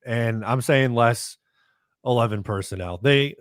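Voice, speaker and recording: A man hosting a casual sports chat show, relaxed and reading out listener comments. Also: mid-range voice, moderate pace, no echo, clean studio sound. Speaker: podcast host.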